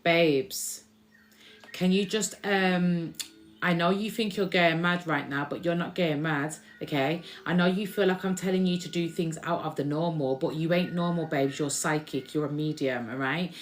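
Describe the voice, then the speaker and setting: A woman's voice: low-pitched, steady tone, normal speed, slight background noise, close to an everyday voice. A woman voicing a coaxing ancestor spirit. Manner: coaxing, reassuring, calls listener babes. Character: gentle female ancestor spirit guide.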